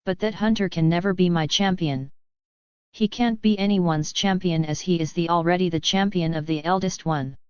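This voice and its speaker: A woman's voice: fairly low pitch, steady tone, moderate pace, darkish tone, smooth, no echo, lightly acted. A woman voicing an ancient, proud wolf spirit who speaks in grave, formal language. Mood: solemn. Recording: dull lo-fi sound.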